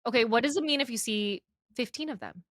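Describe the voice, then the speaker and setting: A woman co-hosting a podcast in casual chat, full of fillers and quick asides. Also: fairly high pitch, a bit bright, dry recording, clean studio sound. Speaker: podcast co-host.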